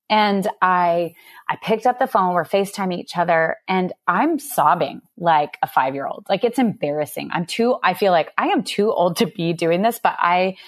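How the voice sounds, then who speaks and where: A woman in her thirties, an author, telling a personal story in an earnest, candid way on a faith-based talk show. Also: on the low side. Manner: earnest storytelling with frequent laughs. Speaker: author guest. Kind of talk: faith-based podcast conversation.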